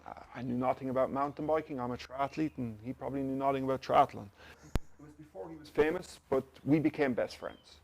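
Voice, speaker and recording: A man's voice: medium pitch, fairly quick, creaky, darkish tone, a little hiss or hum. An Irish man, an interview guest, telling stories in a casual chat and acting out the dialogue he quotes. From Ireland. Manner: anecdotal, acts out quoted dialogue. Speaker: interview guest, company director.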